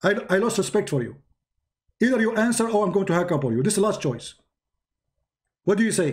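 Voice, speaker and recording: Shouting at a caller in a heated call-in debate, this livestream host sounds hoarse, as if his voice is giving out. He speaks fast in a high, sing-song voice, combative and repetitive.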